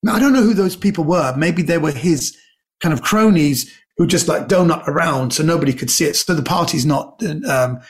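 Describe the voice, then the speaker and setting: A man telling lively anecdotes as a guest, often acting out what other people said. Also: on the high side, moderate pace. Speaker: guest comedian. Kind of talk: casual storytelling interview.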